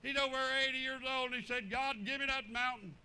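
A man preaching, telling folksy stories in an animated, drawling way. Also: very high-pitched, fast talker, clean tone, rough recording. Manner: animated, drawling storyteller with chuckles. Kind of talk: folksy sermon storytelling.

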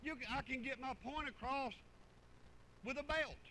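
A man's voice: very high voice, moderate pace, sharp tone, slight background noise, low-quality recording. An older man, preaching a sermon in a folksy, rambling way that repeats words. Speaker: pastor.

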